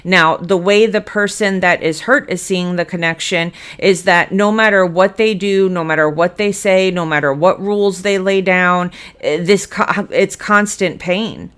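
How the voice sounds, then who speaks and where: A woman's voice: on the low side, steady tone, a little slow, few pauses, fairly bright tone, smooth. A woman giving a blunt, emphatic tarot reading, cursing freely as she speaks to her viewers. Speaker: tarot reader.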